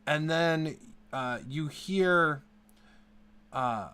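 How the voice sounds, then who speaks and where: A man narrating a tabletop game as game master, halting with many fillers. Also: fairly high pitch, pushed and bright, smooth. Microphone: online call.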